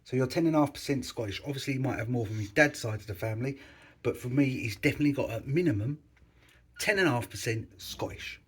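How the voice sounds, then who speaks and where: A man's voice: medium pitch, fast. A man vlogging in casual chat, rambling and correcting himself as he talks.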